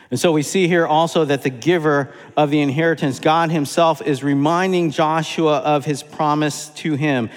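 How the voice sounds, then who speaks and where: A man preaching in an emphatic way, leaning on repeated phrases. His mid-pitched voice carries a long reverb, as if heard in a large hall. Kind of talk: sermon.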